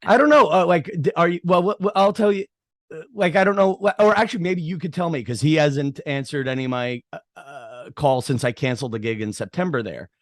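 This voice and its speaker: A middle-aged man of Irish heritage from the New York area hosts a casual podcast interview, telling a rambling story with many restarts and fillers. His voice is a little high and a little fast. The studio-quality recording has no echo.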